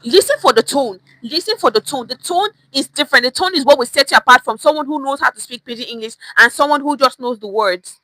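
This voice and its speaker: A young Nigerian woman with a Nigerian accent teaching Pidgin English on a livestream, animated and repeating phrases to show tone. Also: high voice, fast talker, dry recording, poor audio. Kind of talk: livestream lesson.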